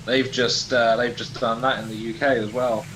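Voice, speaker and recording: A man's voice: medium pitch, flat delivery, moderate pace, fairly bright tone, a little hiss or hum, rough recording. A man co-hosting a casual podcast, teasing and joking in easy banter. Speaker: podcast co-host.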